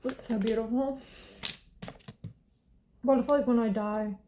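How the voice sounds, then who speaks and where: A woman's voice: on the high side, steady tone, a little slow, background noise. A woman of twenty-one, chatting casually and bluntly, swearing freely and breaking into laughs and sighs. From Southern United States. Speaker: vlogger. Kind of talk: casual chat while eating.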